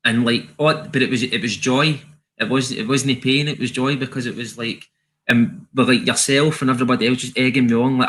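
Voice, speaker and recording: A man with a Glasgow accent, chatting as a guest in a halting, repetitive way. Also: medium pitch, steady tone, bright, forceful tone. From Scotland. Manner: halting, repeats himself, chatty. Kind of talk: casual chat.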